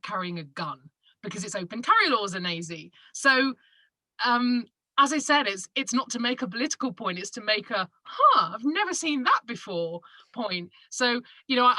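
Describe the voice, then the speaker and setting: English woman, Manchester accent, guest storyteller, bright high-ish voice, dry close sound. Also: dry recording, poor audio. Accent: Northern English, Manchester. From England. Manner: animated storyteller who acts out quotes with laughs. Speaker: podcaster and broadcaster guest. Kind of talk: casual interview chat.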